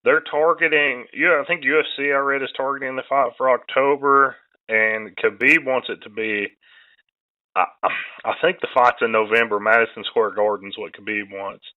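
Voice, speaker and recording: A man hosting a casual sports podcast, laid-back and quick to laugh, swearing freely. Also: mid-range voice, fairly even intonation, no echo, phone-quality sound. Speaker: podcast host. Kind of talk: casual chat.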